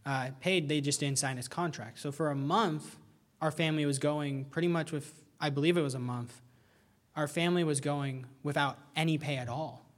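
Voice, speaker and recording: A young adult man preaching a sermon in an earnest, animated way, often repeating words as he gets excited. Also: a little high, moderate pace.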